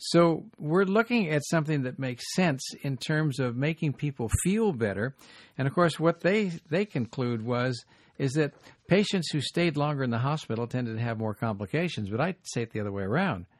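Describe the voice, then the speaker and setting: A man, a doctor, hosting a radio health talk show, explaining in a brisk way with asides. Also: medium pitch, animated.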